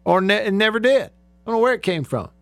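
A man's voice: sits high, expressive, fast talker, a bit bright, dry recording. A male radio host in casual talk, reading out listener texts, chatting and laughing often.

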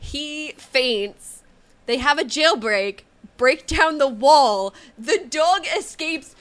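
A woman co-hosting a podcast, retelling film scenes in animated, casual chat. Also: high-pitched. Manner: animated storytelling, quick asides. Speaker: podcast co-host.

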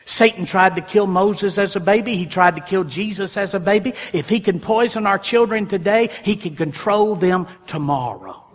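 A male pastor preaching a sermon in a folksy style, his voice swelling loud and then dropping soft. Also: sits high, moderate pace, hardly any pauses. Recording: long hall reverb.

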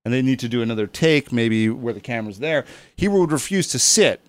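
A man's voice: medium pitch, lively intonation, brisk, dry recording. A man hosting a casual podcast chat, rambling and hesitant with lots of ums. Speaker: podcast host.

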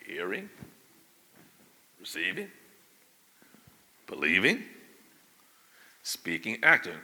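A man preaching a sermon. He moves from low conversational asides to loud shouted preaching and calls for the congregation to answer him. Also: huge pitch swings, takes it slowly. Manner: call-and-response with the congregation. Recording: long hall reverb.

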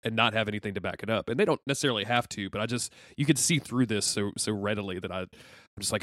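A man's voice: fairly low pitch, fast talker, fairly bright tone, no echo, clean studio sound. A man co-hosting a comic book podcast in casual chat, chatty and self-deprecating, laughing often.

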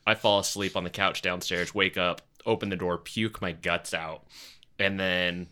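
A man in casual podcast chat telling profane stories with animated energy. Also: low voice, normal speed.

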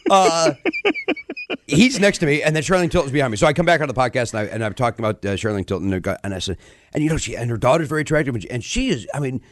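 A man's voice: medium pitch, lively intonation, racing. A man guesting on a podcast, telling comedic stories in a rambling, self-correcting way. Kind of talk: casual comedic storytelling.

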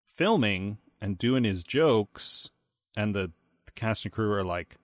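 A man with a low voice co-hosting a podcast in casual chat. He talks in an easygoing, storytelling way. The recording is dry and close. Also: animated, slow pace, no room sound. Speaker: podcast co-host.

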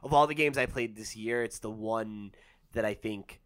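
A man's voice: lowish voice, moderate pace, a bit bright, smooth. A man co-hosting a podcast, chatting casually and animatedly with lots of fillers and restarts. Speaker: podcast co-host. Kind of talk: casual chat.

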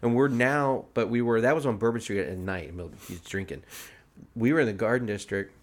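A man's voice: lowish voice, fairly quick. A man hosting a casual podcast, telling stories among friends, acting out the quotes with lots of laughter. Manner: animated, acts out quotes, laughs often. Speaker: podcast host.

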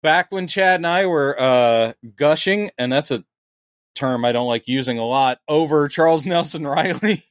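A man's voice: a little high, moderate pace, no echo, clean studio sound. A man co-hosting a podcast, telling a story in casual chat and acting out quotes. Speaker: podcast co-host.

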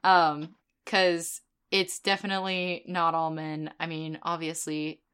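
Young female podcast co-host, bright voice, profane and heated storyteller. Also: low voice, level tone, a little slow, clean tone. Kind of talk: casual chat.

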